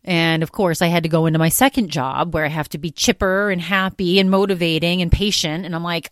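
A woman's voice: fairly low pitch, steady tone, fairly quick, few pauses, no room sound, clean studio sound. A woman hosting her own podcast, talking in a rambling, exasperated way full of fillers. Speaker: podcast host. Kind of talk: casual solo podcast monologue.

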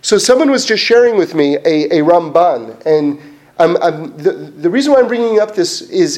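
A man with a fairly high voice leads an informal Torah class. He speaks in an animated, chatty way, restarting sentences and sprinkling in fillers as he talks through a question. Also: moderate pace. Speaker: Torah teacher.

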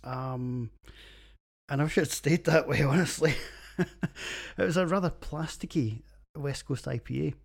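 A man's voice: on the high side, a little slow, vocal fry. A man in his forties hosting a solo beer podcast, rambling crudely and breaking into fits of giggling. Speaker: podcast host reviewing beers.

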